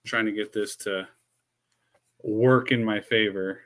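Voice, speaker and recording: A man's voice: lowish voice, steady tone, slow, a bit bright. Sarcastic man fumbling with his stream gear. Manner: dry sarcastic asides while fumbling with gear. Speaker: streamer setting up a live stream. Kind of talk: casual live-stream chat. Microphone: desk microphone he keeps adjusting.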